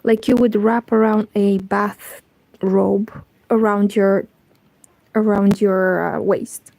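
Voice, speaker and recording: A woman chatting softly in a hushed half-whisper at home, live-streaming and talking about her crochet. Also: medium pitch, fairly even intonation, slow, gravelly, no echo, rough recording. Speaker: crochet vlogger. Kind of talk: quiet live-stream chat.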